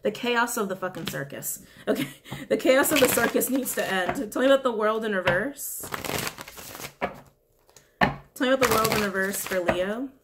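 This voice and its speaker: A woman's voice: fairly high pitch, normal speed, long pauses, very noisy. A woman giving a casual weekly tarot reading, chatty and blunt, who swears freely and keeps repeating her questions to the cards. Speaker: tarot reader.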